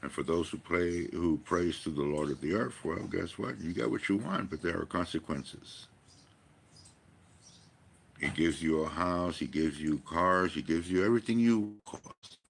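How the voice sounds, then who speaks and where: A man's voice: deep voice, unhurried, creaky. A man giving a rambling personal monologue, emphatic and profane, full of rhetorical questions. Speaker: vlogger.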